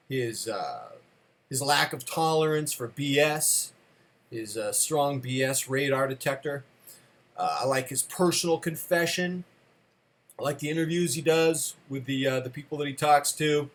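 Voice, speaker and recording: A man's voice: a little high, a bit bright. A man telling a comic story in a rambling, self-deprecating way, full of uh fillers. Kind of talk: comic monologue.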